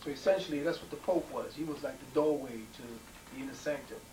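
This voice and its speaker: A man's voice: medium pitch, fairly quick, a little mellow. A man giving a rambling conspiracy talk, emphatic, with frequent ums and repeated words. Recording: echoey room, mic far off, faint noise.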